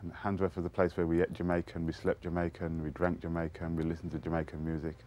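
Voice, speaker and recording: A man tells stories with animated flair and imitates other voices. His voice is very deep. He is reminiscing in an interview. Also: fast. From Birmingham, England. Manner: animated storyteller, mimics voices.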